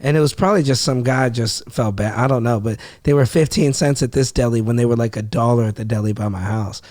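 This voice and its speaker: A man's voice: medium pitch, fast talker, darkish tone, no room sound, clean studio sound. A young man from Ohio, a comedian, telling a story in casual podcast talk, acting out quotes and swearing freely. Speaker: comedian guest.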